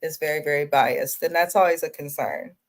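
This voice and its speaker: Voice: medium pitch, brisk. A co-host of a casual reality TV recap, speaking in an opinionated, emphatic way. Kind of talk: casual review chat.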